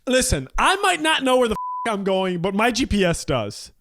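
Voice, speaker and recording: High-pitched, giggly, teasing man. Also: sing-song, fairly bright tone, a little hiss or hum. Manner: giggly, teasing, quick to laugh. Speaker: podcast co-host. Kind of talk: casual comedic chat.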